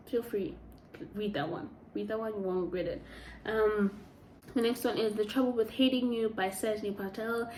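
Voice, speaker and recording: A woman chats as a book reviewer, chatty and gushing, rambling with many fillers. Her voice sits at a middle pitch. The room has an echo and a faint background hiss. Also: dark tone. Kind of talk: casual chat. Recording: echoey room.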